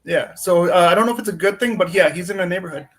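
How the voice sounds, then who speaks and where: Fast-talking high-voiced man. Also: breathy edge. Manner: offhand, passing along local news. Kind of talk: casual chat.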